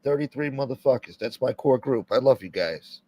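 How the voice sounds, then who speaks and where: A man hosts a loose livestream chat, wandering from topic to topic and cursing as he reads comments from his viewers. His voice sits at an ordinary middle pitch. It is recorded close and dry, with almost no room sound. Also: expressive, moderate pace, warm tone, no echo. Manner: rambling, profane, reads chat aloud. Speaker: livestream host.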